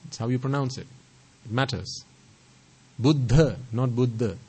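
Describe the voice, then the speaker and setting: A man's voice: medium pitch, fairly quick, a little mellow, slightly rough, rough recording. Male Buddhist teacher, mid-range voice, sermon delivery, rhetorical and emphatic. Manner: rhetorical questions, repeats phrases for emphasis; stresses pronunciation carefully.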